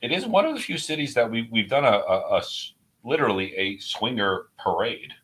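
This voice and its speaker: A man's voice: medium pitch, lively intonation, a little fast, a bit bright. A man from New York with a faint New York accent, co-hosting a radio talk show and joking bluntly. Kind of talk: casual chat.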